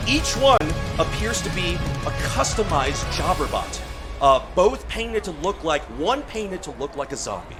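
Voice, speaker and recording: A man running a tabletop game as a wrestling announcer, shouting hype between filler-heavy narration. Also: a little high.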